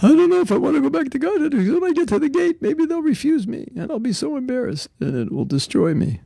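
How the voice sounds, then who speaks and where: A man's voice: very high-pitched, sing-song, fast talker, vocal fry, warm tone, no echo, pitched above the performer's own voice, full character voice. A man voicing an anxious, insecure devotee who frets about being rejected. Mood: fretful. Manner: anxious, pleading.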